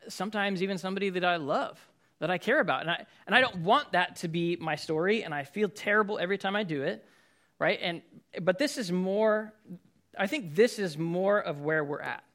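A man's voice: sits high, fairly quick, fairly bright tone. A man, a pastor, preaching a sermon in a conversational way, acting out everyday scenes with sudden outbursts.

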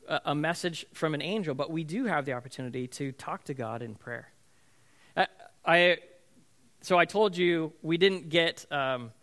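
A man's voice: fairly high pitch, sharp tone. A man in his thirties, a pastor, preaching in a conversational storytelling way and often asking his listeners "right?". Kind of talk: sermon.

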